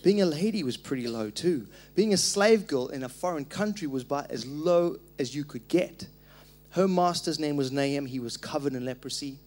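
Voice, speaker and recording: A man pastor preaching a sermon in a church, energetic and animated, telling stories with joking asides. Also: fairly high pitch, normal speed. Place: church hall.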